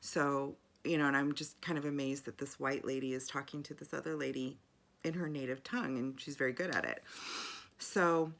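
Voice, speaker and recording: Middle-aged woman vlogger, low gravelly voice, chatty, rambling storyteller. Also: steady tone, normal speed, fairly bright tone. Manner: chatty, rambling, many fillers and restarts. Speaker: video journal vlogger. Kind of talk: casual personal storytelling.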